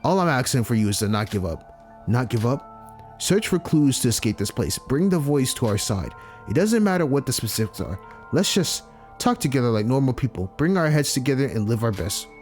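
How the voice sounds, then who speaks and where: A man reading the lines of an earnest, hopeful teenage girl in a visual novel, in his own lively voice. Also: medium pitch, fairly quick, faint music behind, natural voice.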